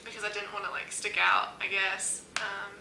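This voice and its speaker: A woman's voice: mid-range voice, flat delivery, normal speed, creaky, sharp tone. A young woman from Maryland whose accent has picked up a Southern American sound, talking casually in an interview with lots of "like" and "um". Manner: chatty, many fillers like "like" and "um". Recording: echoey room with faint hum.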